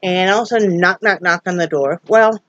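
Talking to camera indoors at home, a middle-aged vlogger keeps things homey and talkative, laughing and tossing in asides. She's filmed on a ring-light-mounted phone or camera, her fairly low, fairly bright voice moving fairly quickly through a dry, dull recording.

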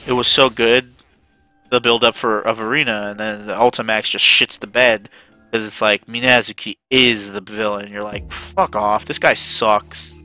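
A man streaming a game, ranting in loose profane bursts. His voice is bright and forceful, with faint game music behind. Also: on the low side, little pitch movement, moderate pace. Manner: profane ranting, swearing often. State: panicked. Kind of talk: casual game stream commentary.

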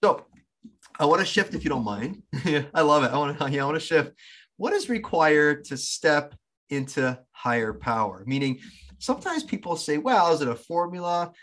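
A man's voice: fairly high pitch, expressive, moderate pace, fairly bright tone. A man hosting a podcast who reflects philosophically on what his guest has said and affirms him. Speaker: podcast host. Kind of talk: interview conversation.

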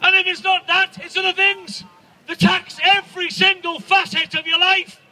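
Male comic, outdoor crowd set; sharp, piercing, loud ranting delivery. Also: very high-pitched, flat delivery, moderate pace, rough recording. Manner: loud, ranting, profane, shouting punchlines. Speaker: stand-up comedian. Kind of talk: stand-up rant to an outdoor crowd. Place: outdoors at a protest gathering.

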